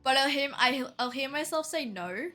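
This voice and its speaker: A young woman with a strong Australian accent chatting casually on a livestream, peppering her talk with "like" and quick laughs. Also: high-pitched, fairly even intonation, sharp tone, faint music behind. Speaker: streamer.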